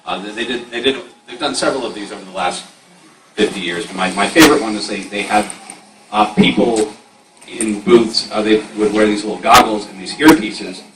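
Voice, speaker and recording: A man speaking on a convention panel of voice actors, chatty and quick to laugh. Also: on the low side. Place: large convention panel room. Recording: echoey hall from far off, noisy.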